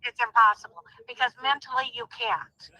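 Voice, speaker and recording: A woman's voice: a little high, normal speed, sharp tone, no echo, poor audio. A woman speaking as a guest in a phone interview, emphatic and heartfelt, often repeating herself. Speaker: guest, sister of a crime victim.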